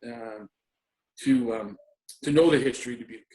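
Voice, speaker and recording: A man's voice: medium pitch, fairly quick, darkish tone. A middle-aged man, a former assistant hockey coach, reminiscing in an interview with many ums and restarts. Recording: roomy echo.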